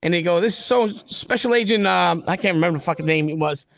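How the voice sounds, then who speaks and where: A man's voice: high-pitched, fast, creaky, fairly bright tone, no echo. A man telling a long story in casual conversation, blunt and profane, acting out the dialogue as he goes. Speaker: guest telling prison stories.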